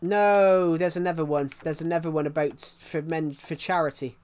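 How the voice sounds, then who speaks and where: Rambling young streamer, slightly high. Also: male voice, steady tone, normal speed, a little mellow, clear, resonant tone. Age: young adult. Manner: rambling, self-interrupting, laughs at own jokes. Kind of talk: casual live-stream chat.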